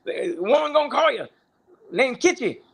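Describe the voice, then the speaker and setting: Man doing his excitable, pushy wrestler buddy. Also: very high-pitched, moderate pace, vocal fry, husky, pitched above the performer's own voice, full character voice. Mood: excited. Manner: excited, insistent.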